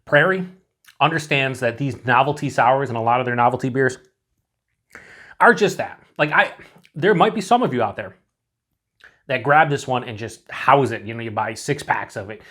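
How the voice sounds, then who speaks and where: A man's voice: mid-range voice, moderate pace, pauses often, fairly bright tone. A man reviewing a beer on his own in a casual, rambling way, full of fillers and restarts, cheerful and swearing now and then.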